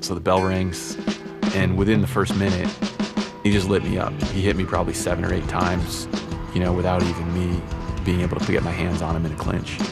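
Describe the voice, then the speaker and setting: A man telling a personal story in a relaxed, conversational way, with music behind. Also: low-pitched, fairly quick, vocal fry.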